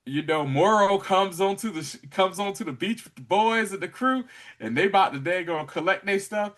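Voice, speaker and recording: A podcast co-host with a high-pitched male voice, at normal speed, retells an episode in a casual recap chat. He laughs often while talking and animatedly acts out the characters' lines.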